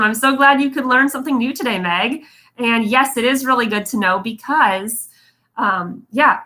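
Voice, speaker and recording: A young adult woman working as a vocal coach gives a relaxed livestream lesson on voice care, chatting with viewers encouragingly and demonstrating vocal fry. Her voice is bright and slightly high, and it sounds as if she is speaking into a phone or webcam.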